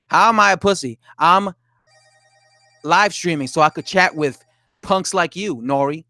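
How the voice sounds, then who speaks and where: A man's voice: on the high side, measured pace, pauses often, bright, forceful tone, no echo, studio quality, soft background music. Fired-up man live streaming to chat. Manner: talks to chat, reads comments aloud, swears, laughs, indignant.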